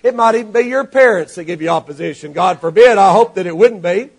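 A man preaching a sermon to his congregation, animated and rising to shouts, acting out the people in his stories. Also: high-pitched, fast. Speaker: pastor.

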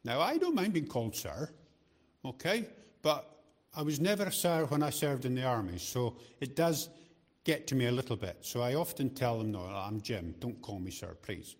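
A man's voice: mid-range voice, expressive, normal speed. A middle-aged man preaching a sermon in a chatty, joking way, often repeating words as he restarts his sentences. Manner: chatty, joking asides to the congregation. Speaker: lay preacher.

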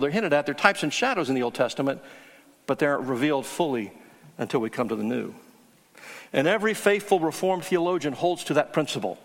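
Earnest preacher in a reverberant hall. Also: male voice, mid-range voice. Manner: earnest teaching, emphatic on key words. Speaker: pastor. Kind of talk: sermon.

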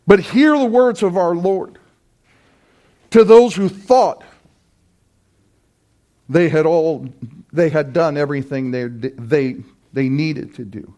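A man preaching a sermon as pastor, impassioned and emphatic, building to loud repeated cries. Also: a little high, slow pace, pauses often.

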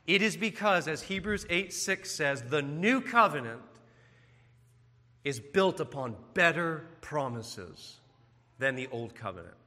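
Unhurried and emphatic, a male preacher gives an earnest sermon, his high, bright voice swooping up and down lively. The long reverb of a church hall surrounds every word.

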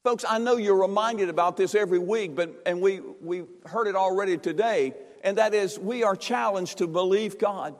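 A North Carolina preacher with a high voice gives a fervent sermon at normal speed, barely pausing. He repeats key phrases in an emphatic cadence, and his voice rings through the long reverb of a church sanctuary.

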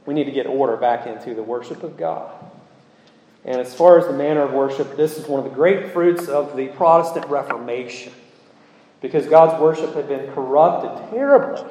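A man preaches a sermon in a mellow, slightly high voice, pressing his listeners with rhetorical questions. His words ring out through a roomy church hall with a long reverb tail. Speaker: pastor.

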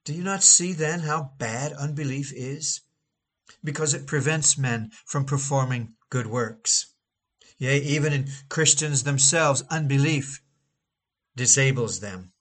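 A man's voice: mid-range voice, unhurried, fairly bright tone. A man reading a sermon aloud in a dramatic, emphatic oratorical manner, drawing out key phrases. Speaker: preacher.

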